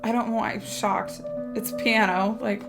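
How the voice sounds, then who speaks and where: A woman talking casually and excitedly to her viewers while reacting to an album. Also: mid-range voice, moderate pace. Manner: chatty and excitable, talks to viewers directly. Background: faint music playing.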